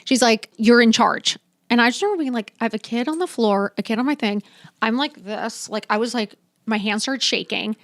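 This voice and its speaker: Fifties woman guest, frank storyteller, bit high pitched, dry studio sound. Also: a little fast, dry recording. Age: 50s. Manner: blunt, emphatic, swears freely, acts out dialogue. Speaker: podcast guest. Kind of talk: candid storytelling.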